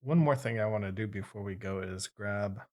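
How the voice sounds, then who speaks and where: A man chatting as a tabletop game player, slow and laid-back with a dreamy drift. His voice is low-pitched. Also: darkish tone. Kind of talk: casual chat.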